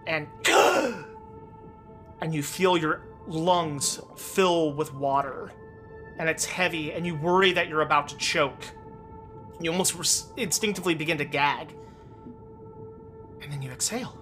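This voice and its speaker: A man's voice: a little high, steady tone, moderate pace. Man narrating as game master, music behind. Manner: descriptive, loose, with fillers.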